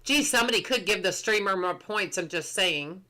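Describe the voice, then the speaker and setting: A woman's voice: medium pitch, expressive, moderate pace, noisy background. A woman game streamer chatting casually on a live stream, reading patch notes aloud, answering chat and laughing often.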